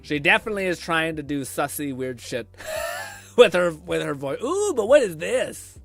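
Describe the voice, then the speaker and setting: A man streaming a casual reaction video, blunt and animated, swearing and laughing often. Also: on the high side, moderate pace, gravelly, soft background music. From Canada.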